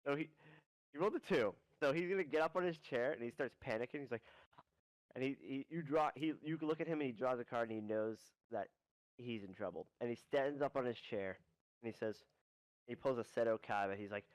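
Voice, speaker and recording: A man narrating as game master in a rambling, animated way. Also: mid-range voice, fairly quick, no room sound, low-quality recording. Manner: rambling, animated storytelling with restarts.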